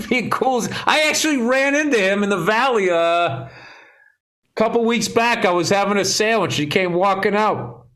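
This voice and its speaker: High-voiced, profane comedian telling stories. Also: male voice, normal speed, fairly bright tone. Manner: profane, laughing storyteller. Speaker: comedian podcast co-host. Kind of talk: casual podcast chat.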